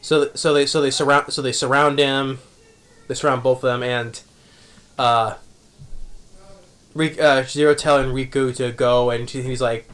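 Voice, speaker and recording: A man's voice: medium pitch, fairly even intonation, normal speed, fairly bright tone. A man casually recapping an anime episode, rambling with many restarts and fillers. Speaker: anime reviewer.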